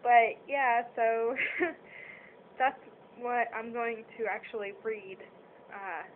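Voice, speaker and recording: A young adult woman vlogger chats casually to the camera in a slightly high, steady voice, speaking slowly. She rambles, apologizes often and uses lots of fillers, and the audio is tinny and phone-quality with faint hiss.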